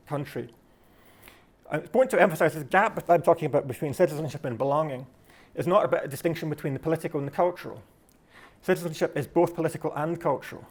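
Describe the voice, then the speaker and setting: Fast-talking Scottish man giving a talk. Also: a little high. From Scotland. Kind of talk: delivered talk.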